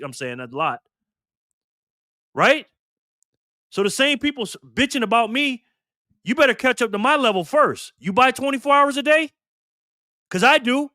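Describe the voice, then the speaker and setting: Fiery, forceful man in his fifties. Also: extremely high pitch, dry recording, studio quality. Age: 50s. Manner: heated, profane and emphatic, ranting. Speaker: channel host. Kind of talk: impassioned monologue to camera.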